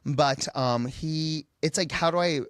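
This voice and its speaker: A man telling stories as a podcast guest in a studio, animated and theatrical. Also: on the high side, measured pace, dry recording. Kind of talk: casual interview chat.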